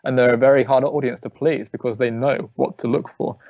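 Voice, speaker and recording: In a remote interview, an Englishman in his thirties who dances ballet talks fairly quickly in a steady, medium-pitched voice. His answers are chatty and story-driven, with frequent restarts, recorded with no room sound and missing high frequencies.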